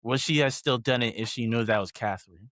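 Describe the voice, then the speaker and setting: A man co-hosting a podcast, talking in a relaxed, casual way with lots of fillers. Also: medium pitch, fairly quick, dry recording, clean studio sound. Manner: relaxed, conversational, many fillers. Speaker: podcast co-host. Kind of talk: casual chat.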